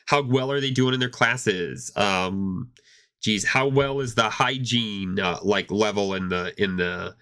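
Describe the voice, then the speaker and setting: A man's voice: on the low side, measured pace, fairly bright tone, smooth. A man co-hosting a gaming podcast, chatting casually and rambling with many restarts, fighting off a cough. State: hoarse with a cough. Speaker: podcast co-host.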